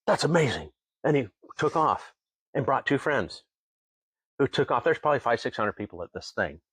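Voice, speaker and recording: Speaking at a moderate pace in a mid-range voice with a breathy edge, a man tells folksy stories as a guest in a casual interview. He owns a distillery in Tenino, Washington, and he chuckles between lines as he lively acts out what other people said, all in a dry recording.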